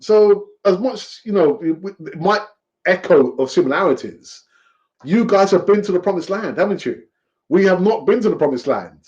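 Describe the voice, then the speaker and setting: A man's voice: high voice, lively intonation, normal speed, darkish tone. A man hosting a fan live stream, talking in a rambling, chatty way with fillers and laughs, over lo-fi stream audio. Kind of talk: casual live-stream chat.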